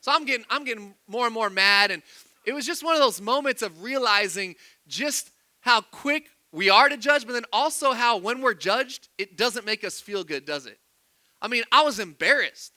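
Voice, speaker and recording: Young man, pastor, sermon, high-pitched, sharp bright tone, chatty, asks the congregation questions. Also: animated, moderate pace, no room sound. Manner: conversational, quizzes the congregation.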